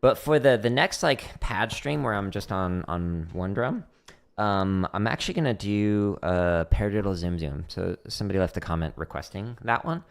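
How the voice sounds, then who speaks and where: Gravelly low-voiced man, lively chatter. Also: normal speed. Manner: chatty, self-deprecating, explains step by step. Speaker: drumming livestream host. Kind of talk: casual livestream chat while practicing.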